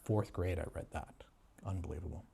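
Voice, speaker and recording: A man giving a sarcastic, mock-serious book review in a deadpan way. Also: low voice, a little fast, creaky, slightly rough. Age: adult. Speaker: booktuber.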